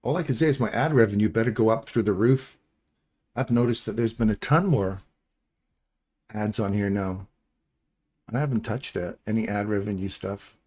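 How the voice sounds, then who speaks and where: A man's voice: fairly low pitch, normal speed, pauses often, darkish tone. A middle-aged man hosting a live stream, talking viewers through trades in a chatty, rambling, jokey coaching way. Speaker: trading stream host. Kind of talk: casual live trading walkthrough.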